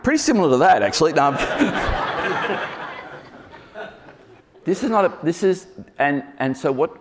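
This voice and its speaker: Playful preacher man, lively sermon. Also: a little high. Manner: playful, teasing asides to the congregation. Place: church hall before a congregation.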